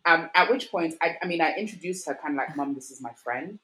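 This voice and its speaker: Low-voiced woman telling a lively personal story. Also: fast talker, a little hiss or hum, low-quality recording. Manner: animated, acts out quoted voices, many fillers like "like" and "you know". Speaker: guest.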